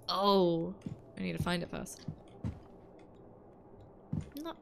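A woman's voice: on the low side, level tone, slow, creaky, pauses often, noisy background. A woman in her twenties, a streamer chatting casually and playfully with her chat while playing a game, laughing often. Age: 20s. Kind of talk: casual gaming livestream chat.

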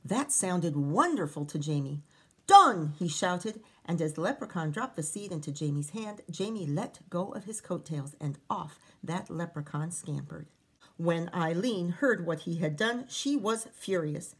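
A woman teacher reading a picture book aloud to children, expressive, with chatty asides to her listeners. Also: on the low side, unhurried, husky.

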